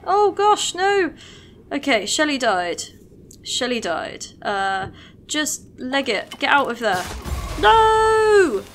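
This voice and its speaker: A woman giving casual gameplay commentary, chatty and excitable, talking fondly to her units as she plays. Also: medium pitch.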